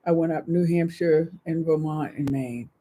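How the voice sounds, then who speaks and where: A woman's voice: deep voice, normal speed, warm tone, a little hiss or hum. An older woman co-hosting a casual live chat, chatty and reading out viewer comments. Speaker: co-host of a live show.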